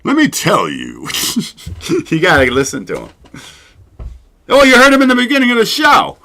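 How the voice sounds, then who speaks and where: Animated, rambling male show host. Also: sits high, moderate pace, creaky. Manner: rambling, swears freely, laughs often. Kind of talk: casual solo livestream chat.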